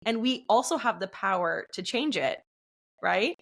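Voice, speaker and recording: Woman, podcast host, mid-pitched, encouraging and affirming in conversation. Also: lively intonation, unhurried, gravelly, fairly bright tone. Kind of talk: interview conversation.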